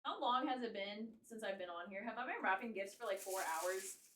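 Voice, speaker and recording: A woman's voice: medium pitch, expressive, fairly quick, fairly bright tone, recorded from a distance, a little hiss or hum. A young woman chatting casually with her live-stream viewers. She swears freely and laughs often. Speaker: livestreamer. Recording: echoey room, voice off-mic.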